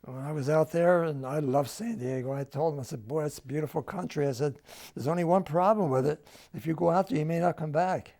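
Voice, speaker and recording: A man's voice: on the high side, brisk, gravelly, few pauses, mellow. An older man with a New Jersey accent, telling family stories in an oral history interview at home and acting out the dialogue. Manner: storytelling, acts out quoted dialogue.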